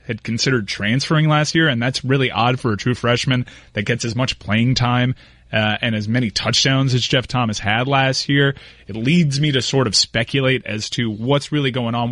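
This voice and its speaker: A man's voice: medium pitch, fairly bright tone, dry recording, studio quality. A man on a sports radio panel, talking casually and analytically about a college football team. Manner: worried, analytical, speaks in long run-on thoughts. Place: radio studio.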